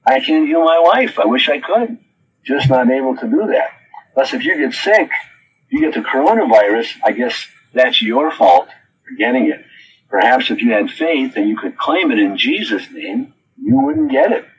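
Man, preacher, sermon, reads then rebuts, lively pitch. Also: normal speed, dull audio, slight background noise. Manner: reads quotes from notes, then rebuts them with questions.

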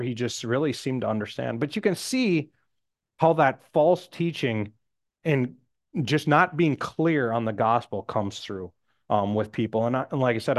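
A man's voice: mid-range voice, no echo, studio quality. Rambling man retelling a missionary encounter. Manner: rambling, many "um"s and "I said"s. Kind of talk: casual storytelling testimony.

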